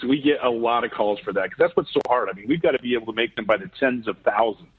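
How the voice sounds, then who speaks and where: A man's voice: mid-range voice, fast, hardly any pauses, husky. A man calling in as a guest on a fishing radio show, talking casually with lots of restarts and fillers. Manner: hesitant, many restarts and fillers. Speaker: fishing hook company guest on the phone. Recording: distant tinny phone line.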